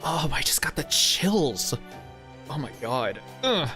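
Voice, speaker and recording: A man's voice: on the high side, big pitch swings, slow, bright, forceful tone, soft background music. A man streaming a story game, rambling casually and swearing freely. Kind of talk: casual gaming stream chat.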